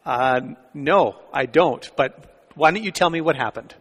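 A man voicing a bewildered, patient pastor who answers calmly and stumbles over his first words. His voice sits a little high and rings with long church-hall reverb. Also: measured pace, husky. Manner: calm, hesitant replies with stammered starts. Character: puzzled, patient male pastor.

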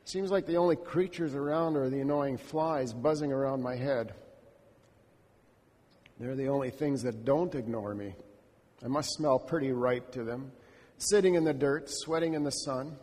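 A man's voice: medium pitch, normal speed, a little mellow. A man telling a story as a first-person dramatic monologue, in an intimate, reflective inner voice. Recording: long hall reverb.

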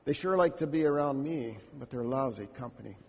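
A man's voice: medium pitch, animated, fairly quick. A man telling a story as a first-person dramatic monologue, in an intimate, reflective inner voice. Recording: long hall reverb.

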